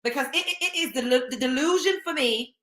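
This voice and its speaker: A woman hosting a casual commentary show, animated and slangy, laughing often. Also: high-pitched, a little fast, roomy sound. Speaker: show host.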